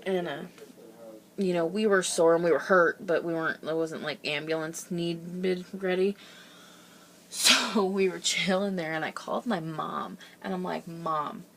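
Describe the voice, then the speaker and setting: Young woman vlogger, lowish voice, rambling and chatty, laughs through her stories, recorded at home. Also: unhurried, fairly bright tone, slight background noise. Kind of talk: casual storytelling.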